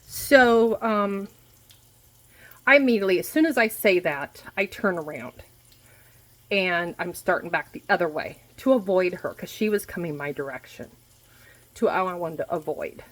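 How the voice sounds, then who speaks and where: A woman's voice: on the low side, lively intonation, normal speed, poor audio. Blunt, swearing woman in her forties. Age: 40s. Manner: blunt, swears freely, repeats herself for emphasis. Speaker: vlogger. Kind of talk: casual venting monologue. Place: home kitchen while food cooks. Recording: faint frying noise behind. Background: food sizzling in a pan.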